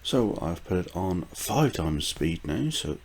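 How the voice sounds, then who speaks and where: A man's voice: low voice, big pitch swings, takes it slowly, a little mellow, breathy edge. Older man chatting about compost. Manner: rambling, chuckling, many fillers and restarts. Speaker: gardening vlogger. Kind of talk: casual gardening vlog narration.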